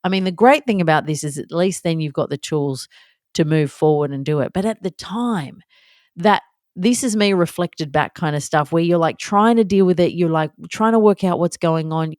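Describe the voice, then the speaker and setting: A woman in her thirties talks candidly into a close mic, chatty and self-deprecating, acting out little scenes as she goes. Her voice sits low, and the sound is dry and near, with no room around it. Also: moderate pace, darkish tone, no room sound. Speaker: podcast host. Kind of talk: candid solo podcast monologue.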